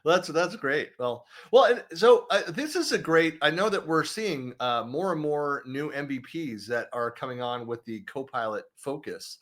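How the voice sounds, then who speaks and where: A man's voice: on the high side, expressive, moderate pace, few pauses, fairly bright tone. A man hosting an interview over a video call, chatty and upbeat with lots of casual fillers. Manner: chatty, upbeat, many fillers like "you know". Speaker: interview host.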